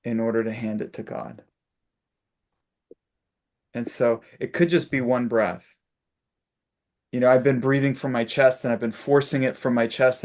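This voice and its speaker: A man facilitating a spiritual discussion on a video call, telling stories and acting out little quotes with laughs. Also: medium pitch. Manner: warm storytelling with laughs and acted-out quotes.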